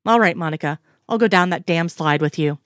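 A woman's voice: fairly low pitch, a little fast, fairly bright tone, dry recording, natural voice. A woman voicing a reserved, stone-faced older man who speaks firmly and dryly, in an audiobook reading. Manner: firm, dry understatement.

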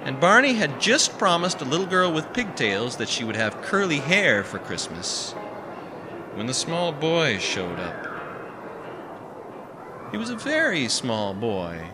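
A man reading a story aloud in a wry, measured narrating manner. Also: medium pitch, background noise. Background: music.

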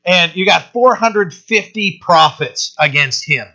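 A man's voice: high voice, expressive, measured pace, bright, forceful tone. A man preaching a conversational sermon, often restarting his phrases and checking in with "right?". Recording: dull lo-fi recording.

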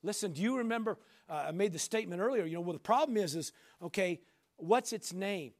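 A man preaching a sermon as pastor, emphatic, with repeated rhetorical questions that build up to shouting. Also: sits high, expressive, quick pace.

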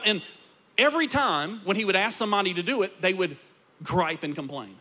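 A man preaching to his congregation as their pastor. His voice sits high and rings bright, and he builds each point with rising intensity. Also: lively intonation, fairly quick. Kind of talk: sermon.

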